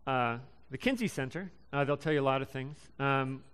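Young man, sermon, halting with fillers, smooth resonant voice. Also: mid-range voice, fairly bright tone. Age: young adult. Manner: casual, halting delivery with many ums and restarts. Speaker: preacher.

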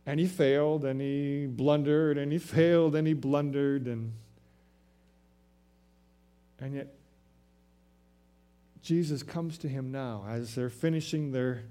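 A man preaching a sermon, telling a story in an animated way that swings from loud to soft. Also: mid-range voice, slow, long pauses. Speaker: pastor.

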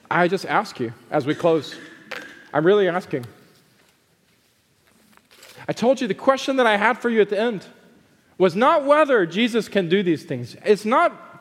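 A man preaching a sermon as a pastor, swinging between forceful emphasis and hushed pleading. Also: sits high, long reverb tail.

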